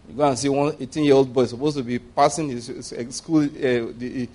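A man preaching a sermon, animated and humorous, often restarting sentences and acting out the voices he quotes. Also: medium pitch, fairly quick.

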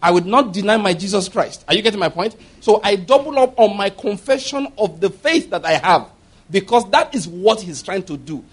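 A man's voice: high-pitched, lively intonation, normal speed, breathy edge. A man preaching a sermon, telling a story with acted laughter and emphatic direct questions to the congregation.

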